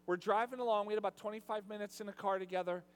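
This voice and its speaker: A man, a pastor, preaching a sermon in a storytelling way, repeating words and restarting, at times building to loud preaching. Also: high-pitched, steady tone, very fast, clear, resonant tone. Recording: long reverb of a large hall.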